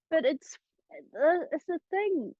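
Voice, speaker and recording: A woman hosts a relaxed chat, chatty and quick to laugh, piling up fillers as she talks. Her voice sits at a middle pitch, recorded close and dry with a slightly muffled, dull tone. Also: dry recording. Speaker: host. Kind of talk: casual chat about voice acting.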